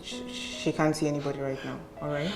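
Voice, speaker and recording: An actress playing a composed young doctor with a Nigerian accent, speaking firmly and calmly. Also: female voice, deep voice, fairly quick, soft background music. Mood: calming. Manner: firm, calming. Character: composed young female doctor, firm but kind.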